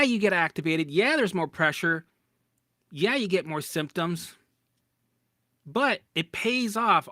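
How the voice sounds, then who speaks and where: A man coaching people through recovery in a blunt, profane, animated casual talk. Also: high-pitched, no echo, studio quality. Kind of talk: casual motivational talk to camera.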